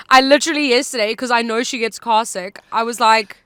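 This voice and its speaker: A young woman, telling stories in casual chat in a car, lively and quick to act out what others said. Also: a little high, clear, resonant tone, no echo, studio quality. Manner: lively, acts out quotes with laughter. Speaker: podcast co-host.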